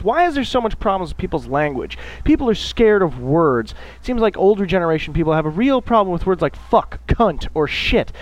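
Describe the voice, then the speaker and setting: A man's voice: a little high, poor audio. A man hosting his own radio show, ranting at length with constant swearing and sarcastic mock voices. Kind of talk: profane solo rant.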